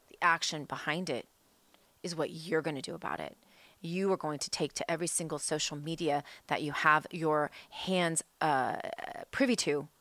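A woman's voice: low-pitched, a bit bright, dry recording. A woman hosting a political talk show, delivering a fired-up, emphatic monologue that is full of rhetorical questions. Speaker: political commentary host.

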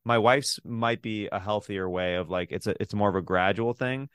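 A man's voice: lowish voice, moderate pace, fairly bright tone, smooth, no echo, studio quality. A man in his thirties, a comedian guest in a casual interview, easygoing and self-deprecating.

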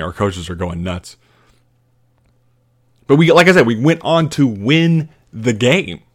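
A young adult man hosting a podcast, telling a story in a rambling, casual way with lots of fillers, restarts and laughs. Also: on the low side. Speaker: podcast host.

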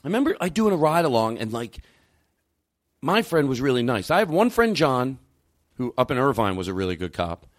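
A man hosting a podcast, ranting, swearing and jumping his pitch for emphasis. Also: sing-song, brisk. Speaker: podcast host. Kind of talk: heated podcast rant.

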